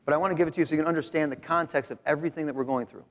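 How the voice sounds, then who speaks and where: Racing along in a slightly high voice, a middle-aged man from Rochester, New York gives a conference talk on his research. He jokes and lectures in an animated, conversational way, and the hall adds reverb.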